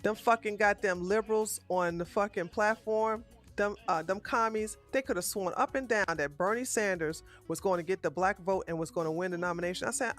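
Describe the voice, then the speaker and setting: A woman's voice: medium pitch, normal speed, a bit bright, faint music behind. A woman hosting a live-stream political commentary show, ranting bluntly and with heavy profanity.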